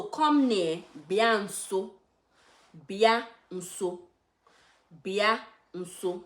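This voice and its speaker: A woman's voice: medium pitch, a bit bright. A young Nigerian woman from Anambra with an Igbo accent, teaching Igbo words to beginners and repeating each word for learners to follow. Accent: Nigerian English, Igbo. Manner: slow, repeats words for learners with emphatic drilling. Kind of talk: beginner language lesson.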